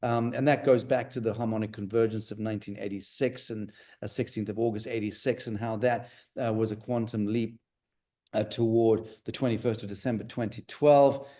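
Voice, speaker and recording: Mellow-voiced man rambling through an interview. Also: lowish voice, fairly even intonation, moderate pace. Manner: rambling, many fillers and restarts. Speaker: interview guest. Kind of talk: conversational interview.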